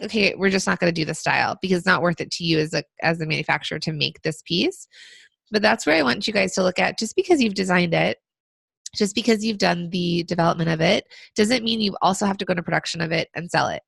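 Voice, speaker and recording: A woman co-hosting a business podcast, giving casual advice with lots of fillers, her voice still rough from being sick. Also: fairly low pitch, quick pace, a bit bright, dry recording. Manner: conversational, frequent fillers. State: recovering from illness. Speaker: podcast co-host.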